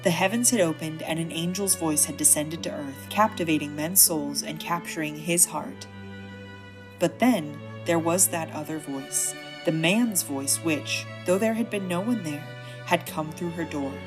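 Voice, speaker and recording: A woman's voice: low-pitched, measured pace, over music. A woman hosting a comedic book synopsis, narrating in a wry, chatty, slangy way. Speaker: host.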